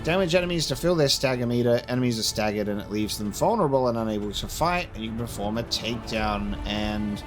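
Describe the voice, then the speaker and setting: A man talks through his gameplay in a loose, rambling way, thinking out loud and circling back with fillers. His voice sits at an ordinary middle pitch, with faint game music underneath. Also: animated, fast talker, hardly any pauses. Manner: chatty, rambling, musing aloud with fillers. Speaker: gameplay commentator. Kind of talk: casual let's play commentary.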